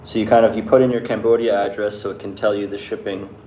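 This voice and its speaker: A young Canadian vlogger answers live chat in a casual, loose way, his mellow voice a little low, level in tone and quick-paced. He rambles, restarts often, and strings thoughts together with lots of "like." The room sounds echoey, with a faint hiss behind him.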